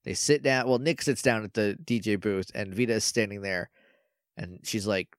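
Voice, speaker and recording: A man's voice: on the low side, moderate pace, no room sound, studio quality. A man co-hosting a podcast, casually retelling scenes in a jokey way and quoting characters' lines. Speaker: podcast co-host. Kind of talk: casual recap chat.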